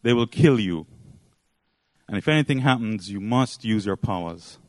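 Man voicing protective superhero mom, urgent, a little higher; dry room. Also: unhurried, no echo, natural voice. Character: superhero mother, worried but protective.

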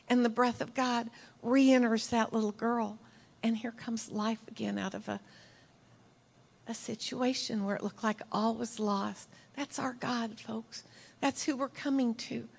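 A middle-aged woman giving a heartfelt sermon as a church speaker, telling stories earnestly and emotionally, sometimes dropping to a soft whisper. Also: on the high side. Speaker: church speaker leading prayer.

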